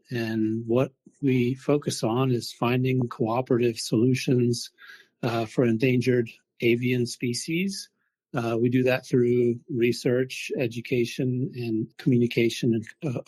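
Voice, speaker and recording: Slightly husky Oklahoman man explaining. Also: mid-range voice, a little mellow. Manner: measured, explanatory with fillers. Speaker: conservation researcher guest. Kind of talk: interview answers.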